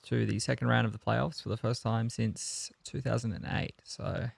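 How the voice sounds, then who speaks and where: A man co-hosting a tech podcast in casual chat. His voice is gravelly and his delivery is fairly flat, earnest and opinionated, full of ums and restarts. The sound is close and dry. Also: medium pitch, moderate pace, dry recording. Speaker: podcast co-host.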